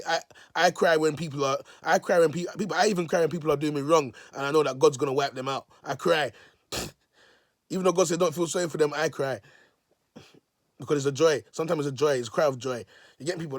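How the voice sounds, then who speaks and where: A man's voice: a little high, no room sound, clean studio sound. A man, a self-styled prophet preaching in a vlog, repeating himself and calling his listeners "people". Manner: repetitive, emotional, restarts phrases.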